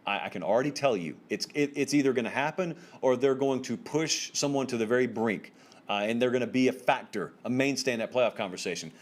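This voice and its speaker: A male sports host of medium pitch delivers solo college football commentary. He speaks directly to his viewers, informal and emphatic, and his voice jumps up to stress key points. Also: fairly quick.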